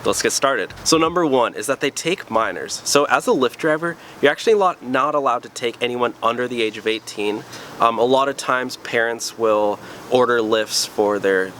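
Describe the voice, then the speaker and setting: A man's voice: medium pitch, moderate pace, fairly bright tone, slight background noise. A man hosting his own channel, giving casual tips as a rideshare driver, with many "um"s and "you know"s. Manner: chatty, lots of "um" and "you know", upbeat openers. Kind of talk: casual talking-head advice.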